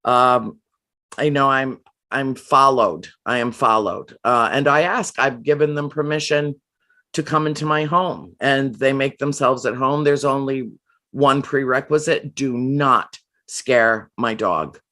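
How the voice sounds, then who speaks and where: Slow, halting woman telling a story. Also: extremely low pitch, steady tone, fairly bright tone. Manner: emotional, halting with frequent restarts and fillers. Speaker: guest. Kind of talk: earnest personal storytelling.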